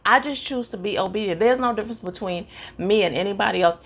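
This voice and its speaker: A woman teaching a live-streamed Bible study in an animated, preacherly way, calling out to her listeners and urging them on. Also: mid-range voice, fast, breathy edge. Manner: animated, preacherly call-and-response.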